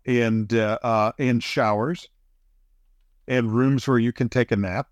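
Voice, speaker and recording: Middle-aged male co-host, chuckling raconteur with a lively pitch and a dry, close sound. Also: takes it slowly, no echo. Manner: animated, chuckling, pitch jumps up for emphasis. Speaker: podcast co-host. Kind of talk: casual storytelling chat.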